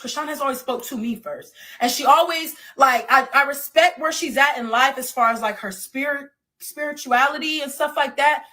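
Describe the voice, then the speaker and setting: Woman, very high voice, bright, emphatic, repeats herself. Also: animated, normal speed. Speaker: interviewee. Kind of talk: recounting a conflict.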